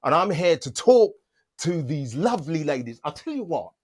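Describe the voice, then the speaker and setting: A man's voice: a little high, very animated, moderate pace, husky. A man hosting an interview over a video call, joking, rambling and laughing often. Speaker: interview host. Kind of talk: casual interview.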